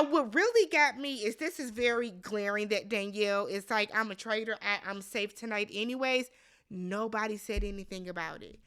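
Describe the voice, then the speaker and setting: Blunt, bright-voiced woman recapping. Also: a little high, clear, resonant tone. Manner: blunt, exasperated, swears freely, mock-screams reactions. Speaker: reality TV recap host. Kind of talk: casual recap vlog.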